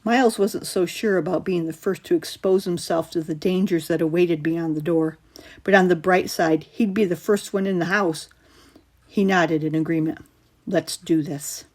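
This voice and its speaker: A woman author reading her own horror story aloud in measured, suspenseful narration. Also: lowish voice, steady tone, a little mellow.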